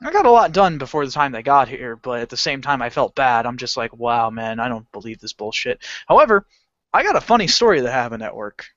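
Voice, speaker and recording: A man on a podcast telling a work story in casual chat, animated, swearing often and acting out his customers. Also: medium pitch, brisk, no echo. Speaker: podcast co-host. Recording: dull lo-fi home recording.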